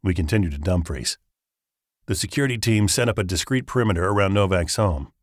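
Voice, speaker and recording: Deep-voiced male audiobook narrator. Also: lively intonation, a little fast, dry recording, studio quality. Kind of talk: scripted first-person narration.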